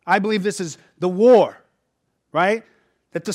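High-voiced man preaching a sermon. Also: unhurried, a little mellow. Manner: preaching with sudden surges and drops in volume; tags points with a questioning "right?". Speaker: pastor.

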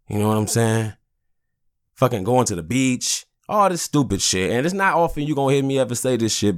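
A man hosting a podcast, ranting angrily and profanely in a casual, heated way. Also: mid-range voice. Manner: angry, profane, heated, frequent "you know what I'm saying". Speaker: podcast host.

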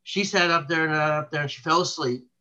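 A man's voice: fairly high pitch, fast, pushed and bright, muffled recording. A man being interviewed as a researcher, telling long stories in a rambling way, with many restarts and fillers. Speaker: cryptid researcher guest. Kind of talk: casual interview talk.

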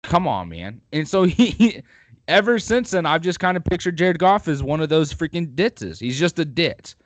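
A man's voice: fairly high pitch, very animated, moderate pace, no echo. A man hosting a podcast, chatting casually and at length about football with opinionated rambling. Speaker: podcast host.

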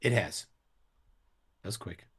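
A man's voice: takes it slowly, a bit bright. A man in an online debate, insistently repeating his point. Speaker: globe earth debater.

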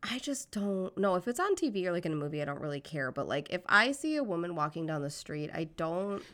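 Outspoken American woman co-host, lower register, casual and profane. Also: very animated, brisk, a bit bright. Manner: outspoken, swears freely. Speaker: podcast co-host. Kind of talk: casual blunt podcast chat. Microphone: remote call, connection drops.

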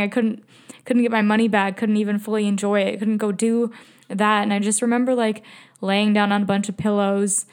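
A woman's voice: mid-range voice, clear, resonant tone. A woman hosting a podcast, telling a travel story in a chatty, emotional, self-mocking way, laughing often and filling her talk with "like.". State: migraine, speech slipping. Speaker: podcast host. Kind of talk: casual storytelling monologue.

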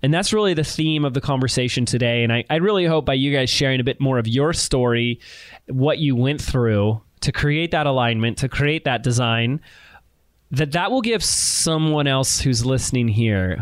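A man's voice: mid-range voice, normal speed. A man hosting a podcast who talks emphatically and repeats key phrases for effect. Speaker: podcast host. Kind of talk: enthusiastic podcast interview.

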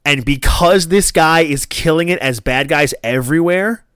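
A man co-hosting a casual chat, animated and enthusiastic, laughing often. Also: a little high, normal speed, smooth, dry recording, studio quality. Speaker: podcast co-host.

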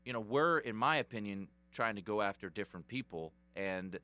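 A blunt radio co-host talks frankly about his picks and sometimes swears in passing. His voice is bright and very lively in pitch. The recording is dry and close to the mic. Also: brisk, no echo. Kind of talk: casual sports chat.

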